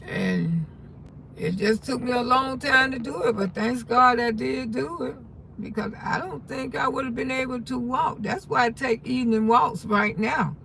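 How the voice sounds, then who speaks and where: A woman's voice: on the high side, lively intonation, moderate pace, vocal fry, low-quality recording. A woman, talking in a candid, folksy and blunt way on a casual livestream, swearing freely. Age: 60s. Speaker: livestream host. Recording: loud traffic noise behind.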